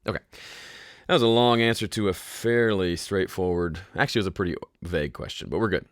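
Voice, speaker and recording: Guy with a lowish smooth voice doing a laid back q&a podcast, chatty, lots of ums, dry close mic. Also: quick pace, no room sound. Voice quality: smooth, polished speaking voice. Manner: relaxed, conversational explaining with ums and restarts. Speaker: host answering viewer questions. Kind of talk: casual live Q&A podcast. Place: home studio.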